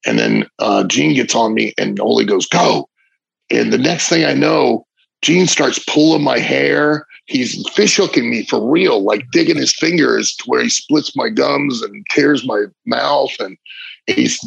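A middle-aged former wrestler tells a long, vivid story, with frequent restarts and loose asides. His voice is thick with gravel and sounds husky. It is recorded close and dry, with a dull, lo-fi sound. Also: mid-range voice, unhurried, no echo. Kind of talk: casual storytelling interview.

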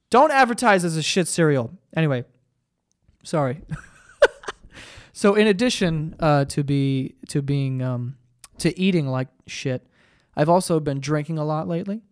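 A man's voice: on the high side, normal speed. A young man hosting a podcast alone, ranting profanely and with exasperation, mocking himself between outbursts. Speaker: podcast host. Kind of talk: solo comedic rant.

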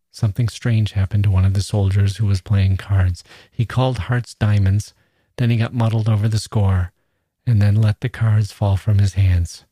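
A man hosting a podcast, reading a classic short story aloud in a measured storytelling manner. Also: lowish voice, dark tone, slightly rough, no room sound. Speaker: podcast host and reader. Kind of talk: scripted literary reading.

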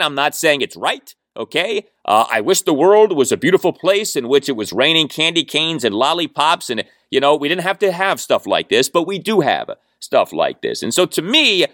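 Male sports podcast host in his forties, fairly high voice that swings widely in pitch, punchy and argumentative, very dry close recording. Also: a bit bright, dry recording. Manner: emphatic, argumentative, keeps asking "okay?". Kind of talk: opinionated sports talk monologue.

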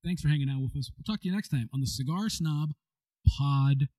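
A man hosting a podcast in casual chat, jokey and animated. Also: fairly high pitch, brisk, no room sound. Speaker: podcast host.

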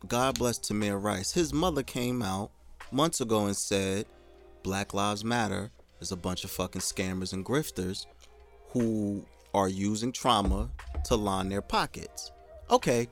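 A man with a fairly low voice, talking bluntly in a casual chat. He sounds indignant and swears to make his point. Faint music sits under his voice.

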